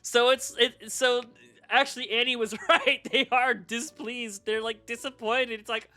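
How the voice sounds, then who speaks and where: A man live-streaming from a warm room at home, rambling and swearing casually and laughing at his own jokes. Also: extremely high pitch, flat delivery, a little slow, soft background music. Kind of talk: casual live-stream chat while shiny hunting.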